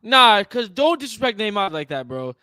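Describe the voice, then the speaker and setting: Excitable young man, dry podcast mic. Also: a little high, a little fast, dry recording. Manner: excitable, joking, teasing. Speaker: podcast co-host. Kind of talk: casual sports chat.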